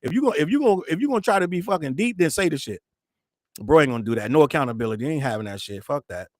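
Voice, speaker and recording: A man's voice: fairly high pitch, quick pace, dry recording, clean studio sound. A man hosting a casual commentary show, ranting profanely and acting out the people he talks about. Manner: profane, animated, acts out quoted voices. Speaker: podcast host.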